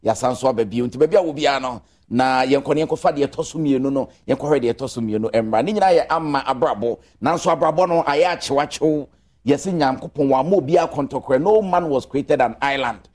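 A man opening a film talk show as host, energetic and switching freely between Twi and English. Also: medium pitch, fairly quick.

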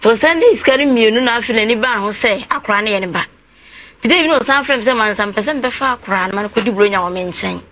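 A woman's voice: a little high, animated, fast, a bit bright. Woman recounting a family story. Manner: long, winding telling that acts out others' words in quotes. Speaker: guest telling her story. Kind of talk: personal account on a talk show.

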